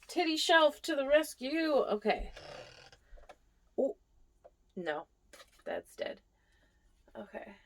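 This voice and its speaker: A woman's voice: sits high, big pitch swings, extremely slow, pauses often. A young woman giving a casual tour of her houseplants, chatting fondly to them and sometimes dropping to a near whisper. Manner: drops to a near whisper at times. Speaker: plant vlogger. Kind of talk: casual plant tour vlog.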